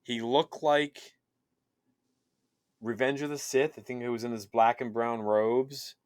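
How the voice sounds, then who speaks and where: A man co-hosting a show, chatting in an excited, rambling way with plenty of fillers. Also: medium pitch, measured pace, no room sound, studio quality. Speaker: podcast co-host. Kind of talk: casual chat.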